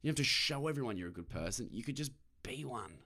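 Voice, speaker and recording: A man's voice: mid-range voice, fast, creaky. Sweary Australian man ranting in a car. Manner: sweary, animated, acts out other people's voices. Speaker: podcast host. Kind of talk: casual ranting monologue. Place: parked car.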